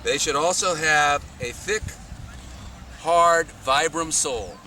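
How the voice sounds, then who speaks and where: A man teaching scouts how to dress for backpacking, in a measured, plain, deliberate way, speaking outdoors. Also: on the high side. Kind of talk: outdoor instructional talk. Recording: distant mic outdoors, loud wind and traffic noise.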